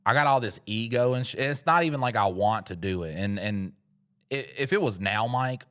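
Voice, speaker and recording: On a podcast he co-hosts, a man with a fairly low voice speaks at a moderate pace through a comic, rambling story. He swears constantly and stays animated throughout this bit of comedic storytelling.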